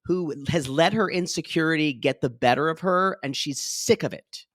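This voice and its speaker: A man co-hosting a podcast, recapping a reality show in a gossipy, sarcastic, animated way. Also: on the high side, moderate pace, no echo. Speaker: podcast co-host. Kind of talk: casual recap chat.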